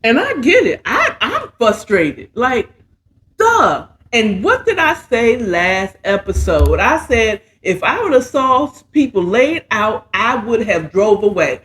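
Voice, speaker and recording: A woman's voice: fairly high pitch, big pitch swings, takes it slowly, fairly bright tone. A woman hosting a casual bedtime story recap, chatting in a laid-back, slangy way while mixing and sipping a cocktail. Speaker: host and storyteller.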